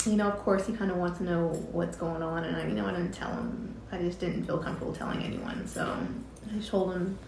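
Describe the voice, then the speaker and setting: A woman's voice: fairly low pitch, vocal fry, darkish tone, reverberant, slight background noise. Emotional woman telling her story. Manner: halting and emotional, many fillers and restarts. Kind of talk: personal storytelling.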